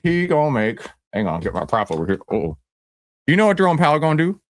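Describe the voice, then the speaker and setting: A man's voice: on the high side, big pitch swings, quick pace, dry recording. A man playing a brash, boastful stock-hype guru who talks in swaggering slang and rambles. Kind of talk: comedic character skit.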